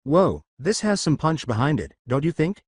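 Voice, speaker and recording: Narrator doing a folksy cowboy gunslinger. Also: male voice, on the high side, sing-song, moderate pace, a little mellow, breathy edge, no echo, clean studio sound. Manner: folksy, challenging. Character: drawling cowboy gunslinger man teacher.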